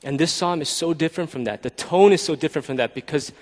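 A man's voice: fairly high pitch, fast. Preacher man in an echoing hall. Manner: conversational, keeps asking "right?". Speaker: pastor. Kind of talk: sermon.

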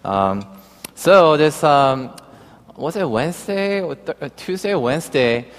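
A man's voice: on the high side, expressive, unhurried. Chatty preacher man in a reverberant hall. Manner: hesitant, filler-heavy, chatty storytelling. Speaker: pastor. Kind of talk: sermon with personal story and scripture reading. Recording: long reverb of a large hall.

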